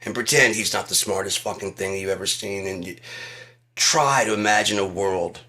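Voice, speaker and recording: A man's voice: low-pitched, normal speed, sharp tone. A man delivering a sarcastic, profane comedic rant.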